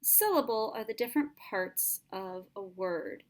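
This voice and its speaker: A woman teacher giving a patient, clear lesson to students. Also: mid-range voice, lively intonation, measured pace. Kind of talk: classroom lesson narration.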